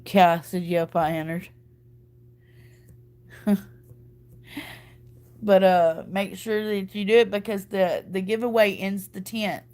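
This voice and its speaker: A woman's voice: mid-range voice, steady tone, slow pace, pauses often, a little mellow. Chatty woman, tired, laughing a lot. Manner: chatty, laughing, tripping over words. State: tired from crying and little sleep. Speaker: livestream host. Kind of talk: casual chat.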